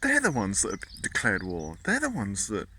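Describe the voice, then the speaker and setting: A man venting in a casual, indignant rant. His voice is bright and forceful, and he keeps tripping over and repeating his words. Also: lowish voice, huge pitch swings, moderate pace, slight background noise. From Britain. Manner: indignant, stumbling repetitions. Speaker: vlogger.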